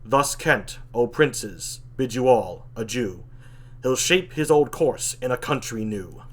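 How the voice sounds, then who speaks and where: Man reading a plain-spoken loyal nobleman, slow measured verse. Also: mid-range voice, lively intonation. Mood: solemn.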